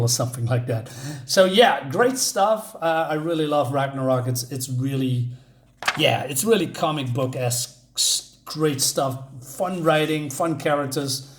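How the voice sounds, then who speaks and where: A man's voice: medium pitch, moderate pace, reverberant. A man casually reviewing a comic book, enthusiastic and rambling, often restarting his sentences.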